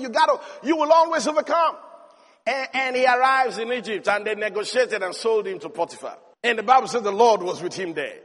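High-voiced preacher in an echoing hall. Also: male voice, fast. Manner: animated storytelling, building to emphatic shouts. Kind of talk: sermon. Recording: long hall reverb.

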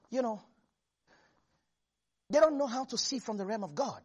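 A preacher gives an animated sermon, laughing often and acting out the quotes in the scripture. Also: mid-range voice, moderate pace, long pauses, husky, dull audio.

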